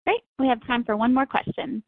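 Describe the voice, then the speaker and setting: A woman's voice: high voice, animated, a little fast, no room sound. Woman moderating a webinar, tinny line. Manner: smooth, prepared delivery. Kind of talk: reading scripted closing remarks. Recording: dry tinny phone-like audio.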